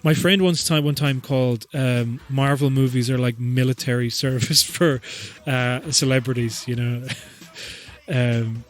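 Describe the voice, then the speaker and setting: A man's voice: mid-range voice, steady tone, unhurried. A man hosting a podcast, riffing in a profane, rambling, joking way with frequent laughs. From Ireland. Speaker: podcast host. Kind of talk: comedic rambling chat.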